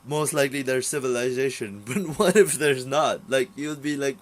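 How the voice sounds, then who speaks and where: A man's voice: mid-range voice, normal speed, poor audio. A young man ranting casually about a TV series, rambling and swearing, with many fillers and restarts. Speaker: vlogger reviewing a TV series. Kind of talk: casual unscripted rant.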